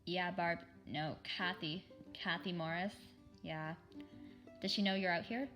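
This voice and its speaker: A woman's voice: lowish voice, fairly even intonation, unhurried, a bit bright, faint music behind. A woman voicing a small boy who gives short, blunt answers in a storybook reading. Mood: flat.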